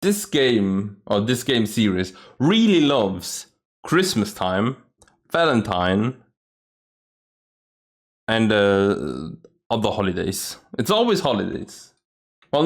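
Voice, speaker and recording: A man hosting a game playthrough, rambling in a chatty way with lots of filler words. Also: mid-range voice. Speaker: gaming video host. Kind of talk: let's play commentary.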